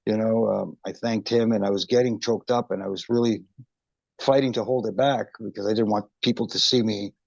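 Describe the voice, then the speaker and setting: A man's voice: on the low side, steady tone, a little fast, vocal fry, a little mellow, no echo. A middle-aged man telling a story as an interview guest, with lots of fillers and restarts. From Canada. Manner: chatty, many fillers and restarts, emotional recollection. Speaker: guest, retired wrestling referee. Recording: dry, dull lo-fi call audio.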